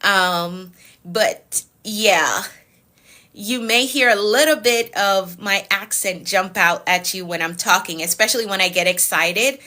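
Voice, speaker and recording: A woman with a Jamaican accent, a productivity coach talking to her live-stream viewers. She recites declarations in a steady pattern and repeats phrases for emphasis. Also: mid-range voice, unhurried. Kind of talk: live-stream motivational talk with spoken decrees.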